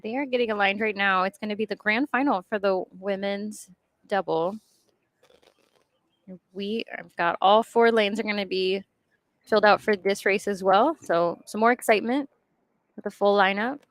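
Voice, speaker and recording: Female color commentator, chatty and explanatory, mid-pitched voice, dry studio-close sound. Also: normal speed, no echo. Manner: chatty, explains rowing terms, laughs easily. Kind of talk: rowing race commentary.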